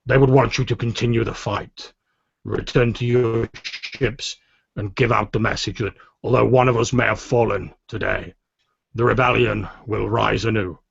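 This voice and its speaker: A man's voice: on the low side, steady tone, normal speed, creaky, slightly rough, dry recording, heavily acted. A man voicing a male rebel commander who gives a formal, rousing speech. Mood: solemn rousing. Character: solemn male rebel commander giving a eulogy. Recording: dull, dry lo-fi audio.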